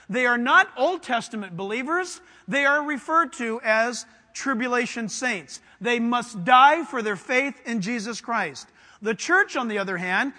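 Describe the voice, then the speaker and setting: A man preaching with fervent, emphatic energy, his voice pitched very high and ringing bright. He puts questions to the congregation as he teaches. The sound carries a long reverb from a church sanctuary. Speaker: pastor. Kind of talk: sermon.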